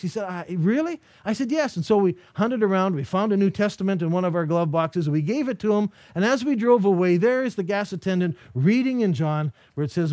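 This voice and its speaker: A middle-aged man giving a storytelling lecture, animated and acting out the voices of the people in his stories. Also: sits high, dry recording, studio quality.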